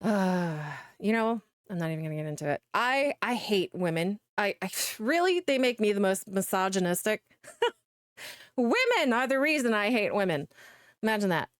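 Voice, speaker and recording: A woman's voice: medium pitch, big pitch swings, moderate pace, dry recording, studio quality. A young woman, a VTuber commentator, ranting in a blunt, exasperated, profane reaction commentary.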